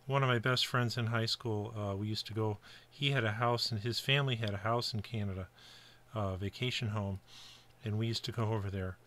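Middle-aged american guy from buffalo, bright kinda forward voice, easygoing rambly workbench talk. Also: lowish voice, fairly even intonation, brisk. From Buffalo, New York area, US. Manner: chatty, rambling asides with fillers. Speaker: kit-building hobbyist. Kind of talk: casual workbench narration.

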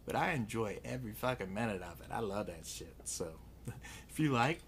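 A man's voice: lowish voice, expressive, moderate pace, a little hiss or hum. A man in his forties, stoned, rambling and swearing through a casual home unboxing vlog with self-mocking humor. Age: 40s. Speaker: unboxing vlogger.

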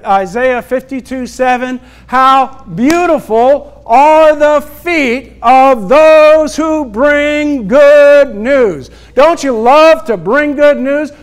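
A male pastor preaching a sermon, acting out scripture scenes and calling out to the congregation for responses. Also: extremely high pitch. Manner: preaching with call-and-response asides; acts out scripture scenes in quick bursts.

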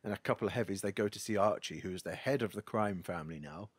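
A man's voice: sits low, fast talker, breathy edge, dry recording. A man hosting a podcast, wryly recapping a film plot in a casual, storytelling way. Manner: wry, storytelling. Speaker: podcast host.

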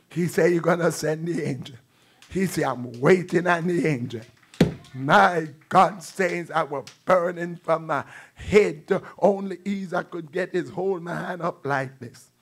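A man's voice: a little high, husky. An older man preacher giving a fervent testimony sermon in a church, with repeated exclamations. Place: church sanctuary.

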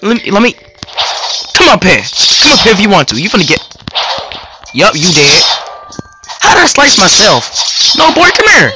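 A young man giving casual, excitable gameplay commentary as a gaming video host, trash-talking other players in slang. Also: sits high, normal speed, pauses often, rough recording. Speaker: gaming YouTuber. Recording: loud game music behind. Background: loud game music.

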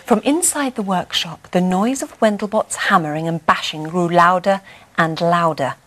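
A woman reading a bedtime story aloud in a gentle, expressive way. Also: on the low side, normal speed, a little hiss or hum.

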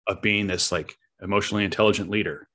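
A middle-aged man hosting a podcast, talking in a reflective and halting way as he searches for his words. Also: fairly low pitch, steady tone, sharp tone. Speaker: podcast host. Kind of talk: reflective conversational interview.

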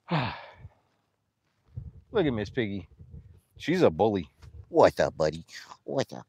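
A man vlogging outdoors while feeding his farm animals, excitable and out of breath, laughing and talking to the animals as he goes. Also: fairly low pitch, slow, pauses often, husky, dry recording.

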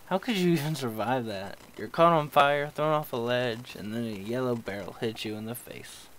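A young man talks his way through a horror game in loose, joking asides. He yelps and swears mildly whenever something startles him. His voice sits at an everyday male pitch. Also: normal speed, hardly any pauses, fairly bright tone, a little hiss or hum, low-quality recording. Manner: jumpy, yelps when startled, jokey self-talk. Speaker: gameplay commentator. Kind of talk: horror game let's play commentary.

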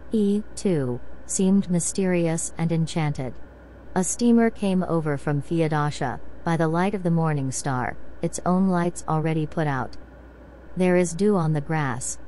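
Female narrator, low voice, soothing bedtime storyteller, faint white noise underneath. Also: poor audio. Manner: slow, even, soothing delivery. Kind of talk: calm bedtime story reading.

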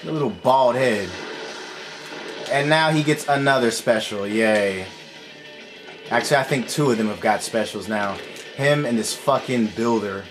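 A man's voice: mid-range voice, animated, measured pace. A man giving casual gameplay commentary, frustrated and swearing constantly. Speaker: let's play gamer. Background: game music.

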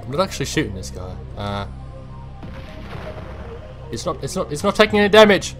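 A man's voice: a little high, brisk, faint music behind. A man giving let's-play commentary on a game, talking to himself and his viewers, and yelping and swearing whenever something startles him. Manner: excitable, yelps and swears when startled. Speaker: gameplay commentator.

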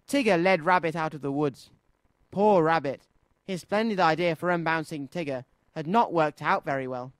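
A man presenting a children's radio show, reading a storybook aloud in an expressive, sing-song way. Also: a little high, moderate pace, dry recording.

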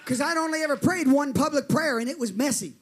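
A male preacher, telling a story in a sermon with animated delivery and calls for amens. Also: very high voice, fast talker.

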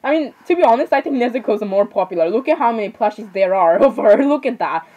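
A woman's voice: fairly high pitch, lively intonation, fast talker, muffled recording. A woman giving casual game commentary, rambling, apologizing constantly and giggling at her own asides. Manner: rambling, keeps saying sorry, giggly asides. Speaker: gameplay commentator.

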